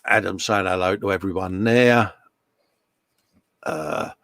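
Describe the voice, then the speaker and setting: A man's voice: lowish voice, vocal fry, dry recording, clean studio sound. A man hosting a casual live chat from his workshop, laughing often and reading out viewer comments. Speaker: host. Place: home workshop.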